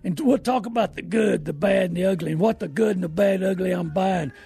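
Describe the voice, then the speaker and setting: Gravelly high-voiced radio host. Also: male voice, a little fast, dark tone. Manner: folksy, preachy, down-to-earth. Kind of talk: call-in radio talk.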